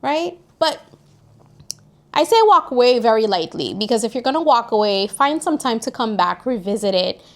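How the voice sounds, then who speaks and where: Young woman vlogger with a high voice; animated, preachy advice straight to her viewers. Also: normal speed. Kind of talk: casual advice monologue. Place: New York, recording outdoors near street traffic.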